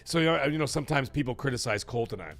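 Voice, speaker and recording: Animated man hosting a gaming stream. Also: medium pitch, very fast, faint music behind. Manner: animated, rambling, thanks chat viewers, swears. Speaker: livestream talk show host. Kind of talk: casual live-stream chat.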